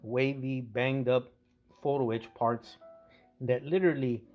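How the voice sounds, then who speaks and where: A man's voice: medium pitch, fairly even intonation, a little slow, darkish tone, faint music behind. Rambling man narrating his model workshop. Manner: rambling, self-correcting, conversational. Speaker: scale model restorer.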